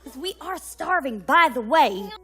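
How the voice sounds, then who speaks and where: A woman playing an exasperated, nagging pioneer wife in an improvised comedic role-play over a game, with a sharp, scolding drawl. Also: high voice, expressive, measured pace, music in the background. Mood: sarcastic.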